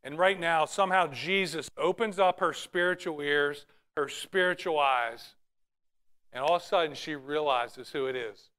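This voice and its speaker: A man with a high, bright voice preaches earnestly in a church. He reads scripture aloud and often restarts his phrases as he works through each point. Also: moderate pace, clean tone. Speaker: pastor. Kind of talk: sermon.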